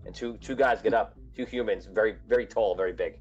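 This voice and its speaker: A man's voice: lowish voice, fast, darkish tone, muffled recording, soft background music. A man running a tabletop game as game master, narrating loosely with lots of restarts.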